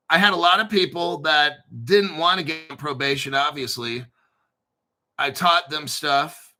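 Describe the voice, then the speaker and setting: A man's voice: fairly high pitch, bright, forceful tone. A man hosting a crypto channel, talking casually off the cuff in a blunt, boastful way full of swearing. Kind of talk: casual unscripted livestream talk.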